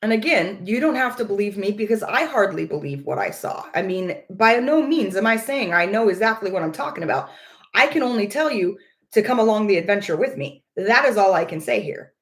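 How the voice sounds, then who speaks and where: This vlogger talks a little fast and animatedly at medium pitch, sharing a personal experience casually with viewers. Earnest throughout, she gropes for words and circles back over the same phrases.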